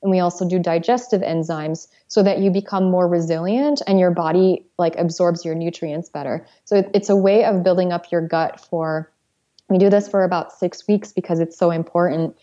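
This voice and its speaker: A woman's voice: lowish voice, steady tone, moderate pace, dark tone, muffled recording. A woman, a pharmacist guest, explaining treatments in a matter-of-fact way. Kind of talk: interview answers.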